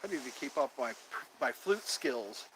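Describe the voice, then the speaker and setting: A man's voice: medium pitch, animated, normal speed, a bit bright, slight background noise, poor audio. A man hosting a casual livestream from outdoors in the cold on his phone, rambling and repeating himself as he talks to viewers. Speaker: livestream host.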